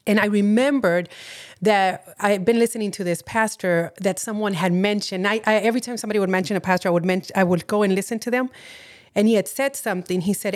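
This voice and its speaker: A woman with a Californian accent, a podcast co-host telling a personal faith story in an earnest, storytelling way, acting out the dialogue. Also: mid-range voice. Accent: Californian English. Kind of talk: personal testimony in casual chat.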